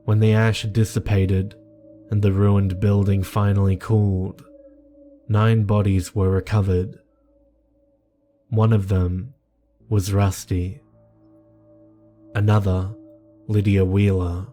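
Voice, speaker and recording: A man giving a measured, grave reading of a scripted horror story. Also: lowish voice, flat delivery, mellow. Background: faint music.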